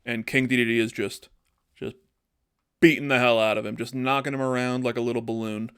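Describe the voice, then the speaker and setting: Animated man pitching a movie story. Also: a little fast, smooth. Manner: animated storytelling, acts out character lines. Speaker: podcast co-host. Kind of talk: casual comedic pitch chat.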